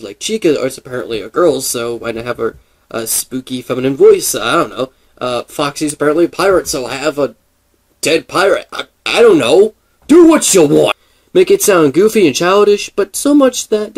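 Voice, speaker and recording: Chatty man with a fairly high voice. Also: darkish tone. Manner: rambling, with frequent fillers and restarts; chatty, thinking aloud. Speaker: gaming video creator. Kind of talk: casual commentary.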